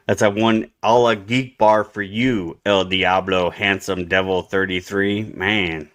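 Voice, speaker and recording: A man hosting an online radio show, giving laid-back, repetitive shout-outs. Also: deep voice, steady tone, measured pace, hardly any pauses. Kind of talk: casual online radio talk.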